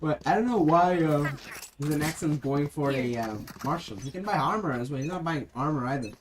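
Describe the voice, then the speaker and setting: An esports caster giving play-by-play commentary, with rapid game calls that rise on big moments and drop low for asides and self-corrections. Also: a little hiss or hum, rough recording. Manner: rapid game calls with excited rises on kills; drops to a low aside when correcting himself.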